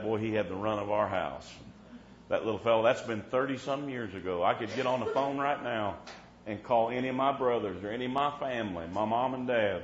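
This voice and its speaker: Folksy preacher in a roomy church. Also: male voice, on the low side, a little hiss or hum. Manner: folksy, punctuates with "Amen", preaches with rising fervor. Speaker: preacher at a revival meeting. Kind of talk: storytelling sermon. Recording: roomy, dull church recording.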